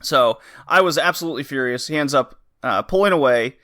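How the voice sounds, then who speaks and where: A man co-hosting a podcast, casually telling an animated story, laughing often and swearing casually. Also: mid-range voice, brisk. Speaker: podcast co-host.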